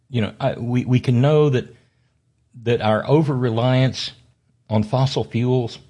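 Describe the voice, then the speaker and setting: A man's voice: mid-range voice, a little mellow. A man delivering an impassioned, sarcastic political monologue as a talk show host, fiery and stumbling through frequent restarts.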